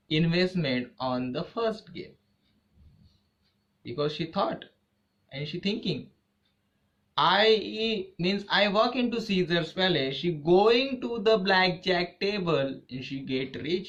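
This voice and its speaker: A man telling a short story in halting, non-native English, quizzing the listener with rhetorical questions. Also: on the high side, a bit bright. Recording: dull lo-fi recording.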